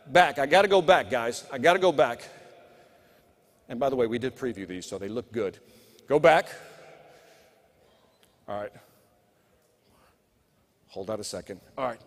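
A man's voice: mid-range voice, animated, unhurried, pauses often. A middle-aged man giving a live keynote on sales at a conference, with punchy motivational delivery that talks straight to the crowd. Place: large conference hall. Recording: long hall reverb.

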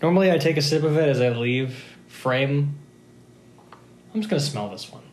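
A man's voice: on the high side, moderate pace, darkish tone. A man from Michigan, a former bartender, hosting a casual cocktail review vlog in a chatty, self-mocking way with lots of fillers. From Michigan, USA. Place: home bar. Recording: echoey room with faint guitar music.

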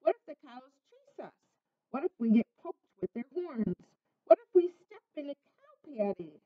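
A woman's voice: high-pitched, big pitch swings, moderate pace. A woman voicing a flock of timid chickens from a storybook, asking anxious, worried questions. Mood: fretful. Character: four timid fretting chickens. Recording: slightly muffled lo-fi recording.

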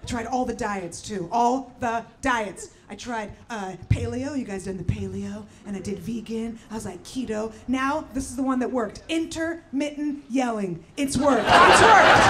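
A middle-aged woman from the former Soviet Union doing a stand-up set, brash and shouting her punchlines with mock-gentle asides. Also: fairly high pitch, unhurried. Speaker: stand-up comedian. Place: comedy venue with live audience. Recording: loud crowd and room noise. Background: audience laughter.

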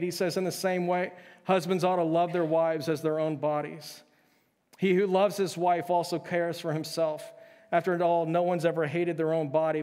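Earnest pastor preaching in a reverberant hall. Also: male voice, a little high. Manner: earnest, repeats questions for emphasis. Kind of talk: sermon. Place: church sanctuary. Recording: live church stream with long hall reverb.

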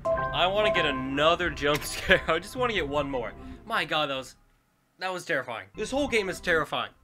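A man with a stuffy nose commentating a horror game as he plays, jumpy and quick to yell back at the enemies. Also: fairly high pitch, animated, soft background music. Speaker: gaming YouTuber. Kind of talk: horror let's-play commentary.

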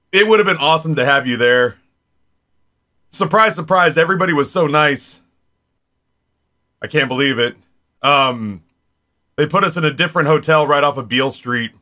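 A man's voice: on the high side, bright, forceful tone. A man in his forties chatting casually on a live stream, rambling and talking straight to his viewers. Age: 40s.

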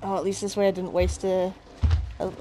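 A woman's voice: on the low side, level tone, brisk, warm tone. A woman commenting on a horror video game as she plays, muttering plans to herself and swearing in panic. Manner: jittery, swearing, panicky under pressure. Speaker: let's play gamer. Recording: game music behind voice.

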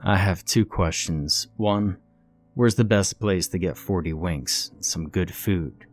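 A man's voice: sits low, slow. A man voicing a blunt, weary male FBI agent from New York in a narrated horror story. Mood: businesslike.

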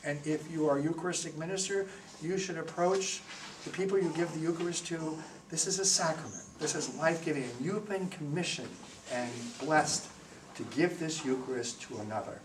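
Brief: male priest, lively storyteller, higher voice, distant mic, roomy noisy hall. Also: brisk. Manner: animated storyteller, joking. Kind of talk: parish talk with audience questions. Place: parish hall with audience.

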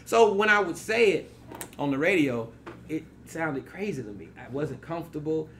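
A crowd murmurs behind this high-leaning male voice at normal speed. He's a radio personality in his forties, guesting on a podcast, telling easygoing stories and playing out the voices of those he quotes with animation.

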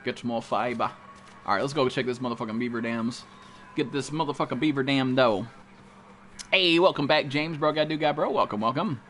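A man's voice: medium pitch, a little fast, a bit bright, slight background noise. A young man streaming a video game, talking to his chat with brash, profane trash talk. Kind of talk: live gameplay commentary.

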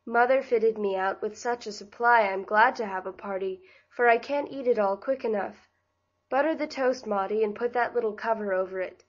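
A woman reading the part of a cheerful, bustling young woman in an audiobook, with a brisk, bright delivery. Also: fairly high pitch, dull audio, lightly acted.

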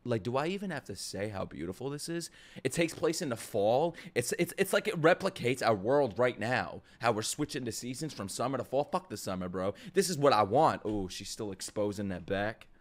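A young man giving a profane, jokey reaction to an anime opening, swinging between low murmurs and excited shouts. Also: a little fast. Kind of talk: live reaction commentary.

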